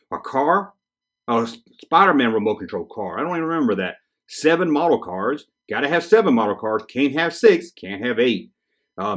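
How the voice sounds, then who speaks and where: A man hosts a casual podcast, reading out children's letters and riffing on them with teasing jokes. His voice is slightly husky and swings widely in pitch as he plays up the humor. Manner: joking, animated, teasing asides. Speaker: podcast host. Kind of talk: casual chat, reading kids' letters aloud.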